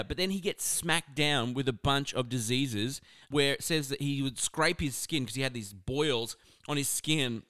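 A man giving a casual, conversational sermon on scripture, animated and full of asides. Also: medium pitch, no echo, clean studio sound. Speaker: preacher.

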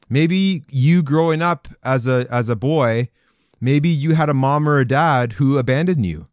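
Male podcast preacher, fervent and repetitive, with a lively voice and dry sound. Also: on the high side, unhurried, no echo. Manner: fervent, repetitive, rising emphasis on quoted promises. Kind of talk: preaching to men, reading scripture.

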